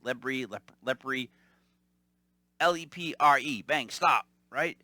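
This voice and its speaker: A man hosting a podcast, telling rambling stories in a casual, animated way and mimicking the people in them. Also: medium pitch, slow pace, dry recording. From Italian-American family. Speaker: podcast host. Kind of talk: casual storytelling monologue.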